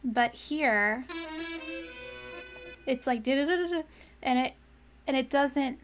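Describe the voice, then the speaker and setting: Young woman streamer, high-pitched and unhurried, who talks to herself as she works out lyrics and keeps repeating lines. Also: music in the background. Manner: muses aloud, repeating phrases to find words; often laughs and trails off mid-thought. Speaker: streamer writing song lyrics. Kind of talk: casual live-stream chat.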